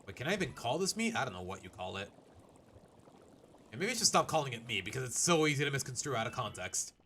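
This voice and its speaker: A man's voice: medium pitch, big pitch swings, fast, pushed and bright, slight background noise. A man giving let's play commentary. He rambles, thinks aloud and pokes fun at himself. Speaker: gaming streamer. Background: faint game music.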